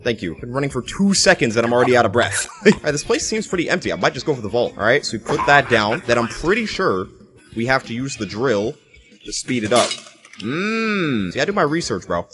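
A man's voice: mid-range voice, big pitch swings, brisk, fairly bright tone, a little hiss or hum. A young man casually commentating his own gameplay, teasing other players and laughing often. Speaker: gameplay streamer.

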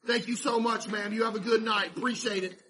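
Male game streamer, high and bright voice, dramatic fake-stressed chatter to chat. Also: fairly quick, a little hiss or hum. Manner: animated, mock-stressed, talks to chat. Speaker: streamer playing a laundromat game. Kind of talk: casual gameplay commentary to chat.

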